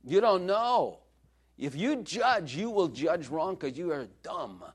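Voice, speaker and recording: Lively, joking male preacher. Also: a little high, takes it slowly, slightly rough. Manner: joking, conversational, laughs often. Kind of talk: sermon.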